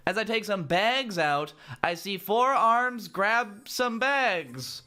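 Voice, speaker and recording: A lively man reads a fan fiction out loud and keeps breaking off to mock it. His voice sits a bit high, swings up and down a lot, and sounds bright and sharp. Faint music plays behind him. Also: slow pace, clean tone. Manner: sarcastic, animated. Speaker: YouTuber reading fan fiction. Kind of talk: dramatic reading with sarcastic commentary.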